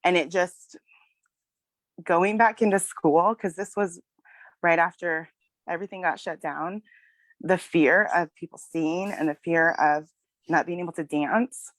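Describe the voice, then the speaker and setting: Woman, thirties, low voice, dry sound, tearful and halting, casual personal story. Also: steady tone, dry recording. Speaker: guest sharing a testimonial.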